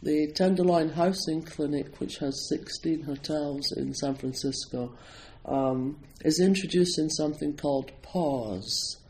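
Speaking to a live audience, this Scottish Zen priest and meditation teacher keeps things relaxed and self-deprecating, peppering his talk with ums and you-knows. His voice is slightly raised and fairly high, unhurried with few pauses. Faint room hum sits under the rough recording.

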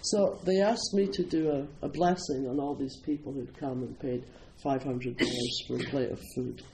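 A man's voice: medium pitch, steady tone, moderate pace, vocal fry, a little mellow, slight background noise, rough recording. A Scottish man from Scotland giving an informal, humorous Buddhist talk, telling stories and often chuckling. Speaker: Buddhist teacher.

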